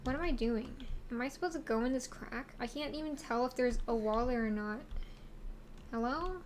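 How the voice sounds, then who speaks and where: A woman's voice: on the high side, normal speed, slight background noise. A woman streamer giving casual game commentary, rambling and giggly, asking herself questions as she plays.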